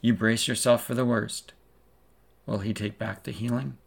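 Gravelly man preaching a dramatic sermon. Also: mid-range voice, fairly even intonation, normal speed. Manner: dramatic second-person storytelling.

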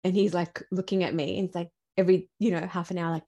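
A woman from Latin America, a podcast guest, chatting in an animated way with many fillers and restarts. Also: fairly low pitch, fast, vocal fry. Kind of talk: casual interview chat.

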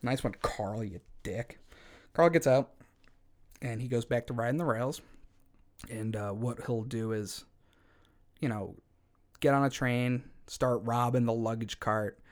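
A man's voice: medium pitch, unhurried, pauses often. A man co-hosting a podcast, retelling a story in a casual, irreverent way with wry asides. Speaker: podcast co-host.

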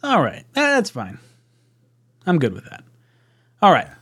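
A man co-hosting a casual sports chat stream, animated and self-mocking, breaking into laughs as he tells stories. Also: a little high, measured pace, husky. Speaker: podcast co-host.

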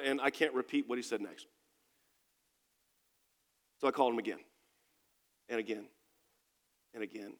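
A man's voice: fairly high pitch, animated, a little slow, pauses often, a bit bright, big-room sound. A man preaching a sermon as pastor, speaking emphatically and putting questions to his congregation. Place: church sanctuary.

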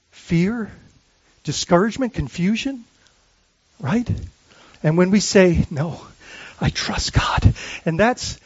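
A man's voice: sits high, no room sound, muffled recording. A man preaching a sermon as pastor, earnest and searching, often restarting phrases and asking the congregation questions.

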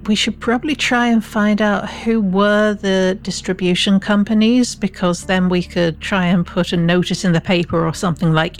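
A woman's voice: mid-range voice, fairly even intonation, moderate pace, few pauses. A woman playing a tabletop game, thoughtfully suggesting plans in casual chat. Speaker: player.

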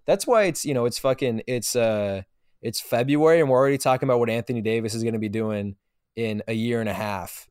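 A man co-hosting a casual sports podcast, mid-pitched and rambling, full of fillers and swearing. His voice sounds close and dry, with no room around it. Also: brisk, darkish tone, clean tone, no echo. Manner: rambling, profane, many fillers. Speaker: podcast co-host.

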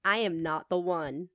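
A woman's voice: mid-range voice, no room sound, studio quality. A woman co-hosting a casual podcast who tells a story with lots of laughter and swearing. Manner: laughs often, swears freely, animated retelling. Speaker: podcast co-host.

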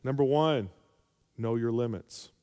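A man's voice: mid-range voice, unhurried, mellow. Preacher man in a reverberant hall. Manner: call-and-response, asks for amens, rising to emphatic peaks. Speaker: pastor. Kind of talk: sermon.

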